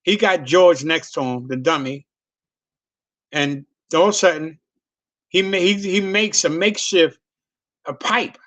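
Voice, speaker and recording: A man's voice: fairly high pitch, unhurried, long pauses, fairly bright tone, dry recording. A middle-aged man, a comedian, telling a long profane story in a loose, rambling way. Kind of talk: casual storytelling on a video call.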